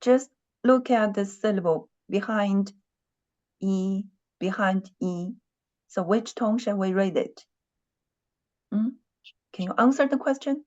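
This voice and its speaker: A woman's voice: medium pitch, slow pace, long pauses, darkish tone, highs cut off. A woman teaching a Chinese class online, patiently repeating her questions and humming while she thinks.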